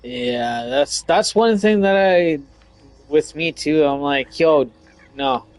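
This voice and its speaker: A man's voice: on the high side, lively intonation, slow, clean tone, poor audio. A man chatting casually while gaming with friends, swearing a lot, joking and laughing often. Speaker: gamer streaming with friends. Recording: dry close mic with faint game music.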